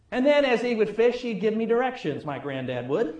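A middle-aged man preaching a sermon, telling wry stories and praying, with his loudness rising and falling. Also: extremely high pitch, sing-song, a little fast, few pauses, roomy sound. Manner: storytelling, wry, varies loudness widely. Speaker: pastor. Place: church sanctuary.

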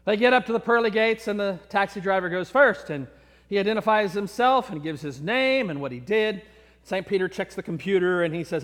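A man's voice: sits high, expressive, a little fast, fairly bright tone. A man preaching a sermon in a church, telling a joke story and acting out the characters' voices. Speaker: pastor. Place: church sanctuary. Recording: long church reverb.

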